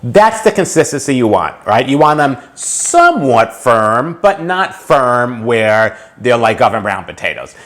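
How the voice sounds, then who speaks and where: A man's voice: medium pitch, big pitch swings, unhurried, few pauses, fairly bright tone. A man hosting a cooking video, casually explaining a recipe step by step and then tasting it. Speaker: cooking channel host.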